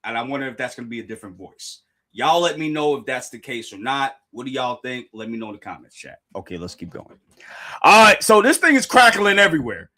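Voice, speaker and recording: Excitable streamer man, bright lively voice. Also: brisk. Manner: excitable, slangy, repeats phrases; reads dialogue aloud in a dramatic low voice. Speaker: live streamer reacting to a comic chapter. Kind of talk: live reaction stream.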